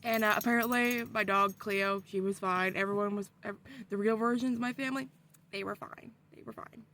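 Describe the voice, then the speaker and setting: Excitable swearing woman telling a story. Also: mid-range voice, brisk, a little hiss or hum. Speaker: vlogger. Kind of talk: casual storytelling.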